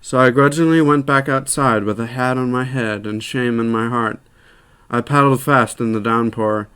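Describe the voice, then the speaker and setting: Male storyteller; plain, measured short-story narration. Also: medium pitch, fairly even intonation, a bit bright, clear, resonant tone. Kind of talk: reading a short story aloud.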